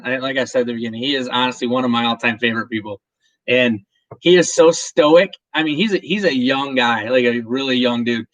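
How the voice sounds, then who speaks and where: A man's voice: medium pitch, a bit bright, no room sound, dull audio. A man hosting a whiskey channel's live stream, chatting casually and emotionally with viewers and his partner. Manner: rambling, emotional, laughs often, many restarts.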